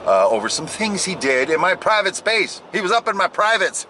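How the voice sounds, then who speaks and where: American man, lively and bright voice, rambling jokes, faint traffic noise. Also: sits high, moderate pace. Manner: joking, rambling, laughs at own jokes. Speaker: vlog host. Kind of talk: casual driving vlog. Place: car on the road.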